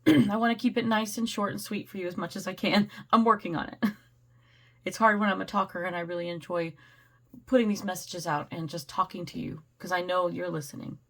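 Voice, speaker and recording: A woman giving a casual, rambling tarot reading, slightly hoarse, clearing her throat and laughing often. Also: mid-range voice, a bit bright. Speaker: tarot reader.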